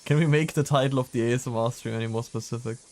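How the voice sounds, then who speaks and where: A man playing a video game on stream, talking casually and laughing often between lines. His voice sits at a middle pitch, neither low nor high, and he chats in a loose, easygoing way. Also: fairly even intonation, rapid-fire, a little mellow. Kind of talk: casual gameplay chat.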